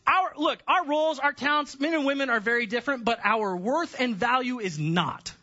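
A man preaching a sermon as pastor, animated, joking and sarcastic with his congregation. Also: very high-pitched, moderate pace, dull audio.

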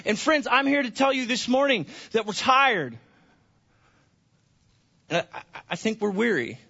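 A man's voice: extremely high pitch, sing-song, a little slow, creaky, bright, forceful tone, lo-fi sound. A man preaching a Sunday sermon in a church, conversational, often repeating words and restarting phrases. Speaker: pastor.

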